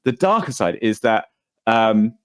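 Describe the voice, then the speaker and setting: A man's voice: lowish voice, expressive, measured pace, clear, resonant tone, no echo, studio quality. A British man co-hosting a casual podcast chat, rambling and breaking off mid-sentence, often laughing. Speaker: podcast co-host.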